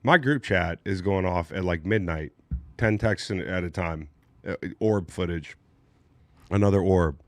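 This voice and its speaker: A man hosting a casual studio chat, animated and joking, swearing freely. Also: deep voice, a little slow, no echo. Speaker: podcast host.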